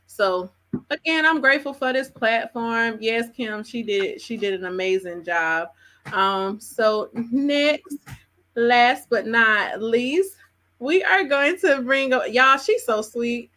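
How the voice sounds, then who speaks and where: A woman's voice: on the high side, pushed and bright. A woman hosting a live open mic, talking casually and chattily and laughing between introductions. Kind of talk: casual live emcee talk.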